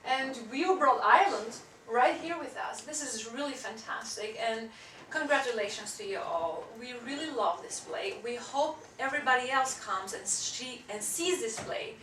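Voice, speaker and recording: A woman interviewing a cast after a show, effusive and quick to laugh. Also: a little high, expressive, a bit bright. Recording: roomy, from far off, light noise.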